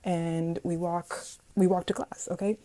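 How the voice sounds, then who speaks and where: Young woman, casual storytime, chatty and dramatic, slightly low, mellow voice. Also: unhurried, low-quality recording. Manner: chatty, animated, dramatic asides, addresses viewers as guys. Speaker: vlogger.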